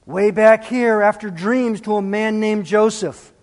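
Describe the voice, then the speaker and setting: A man's voice: sits high, unhurried, in a large hall. A man preaching a sermon as pastor, emphatic and full of rhetorical questions.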